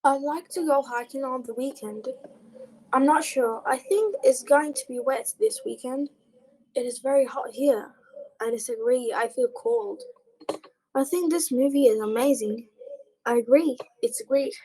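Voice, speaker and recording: A woman's voice: high-pitched, unhurried, mellow, poor audio. A woman student reading textbook dialogue lines aloud in class. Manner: plain reading of example sentences.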